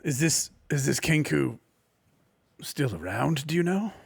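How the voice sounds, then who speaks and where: Male tabletop player, gravelly and expressive, dry exasperated delivery. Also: on the high side, unhurried. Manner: dry, exasperated, stammering restarts. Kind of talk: in-character tabletop play.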